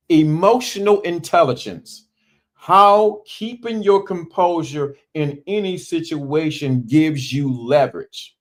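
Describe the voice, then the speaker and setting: Emphatic preacherly man with pauses. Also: on the high side. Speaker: podcast host. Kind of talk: motivational talk.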